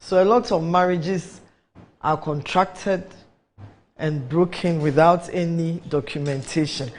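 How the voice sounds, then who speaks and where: A woman who heads a federation of women lawyers, explaining her position in an interview in a measured way. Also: lowish voice, fairly even intonation, darkish tone. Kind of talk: radio interview.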